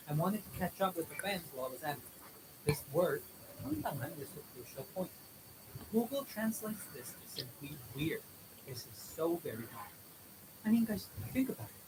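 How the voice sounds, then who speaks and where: A man's voice: fairly high pitch, sing-song, brisk. A man doing a casual reaction commentary, translating and explaining, who gets worked up and swears as he talks. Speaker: video commentator. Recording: mic from far off, loud noise behind.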